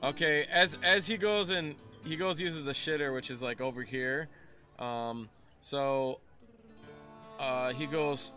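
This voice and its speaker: A young man narrating as game master, chatty and animated, restarting his sentences often. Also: fairly high pitch, slow pace, faint music behind.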